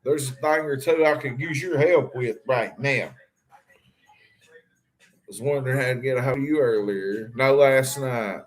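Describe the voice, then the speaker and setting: A man's voice: medium pitch, normal speed. A man rambling on a livestream, calling out to his viewers and joking. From Harlan County, Kentucky. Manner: rambling, addresses viewers directly, jokey. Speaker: livestream host. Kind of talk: rambling livestream talk to chat.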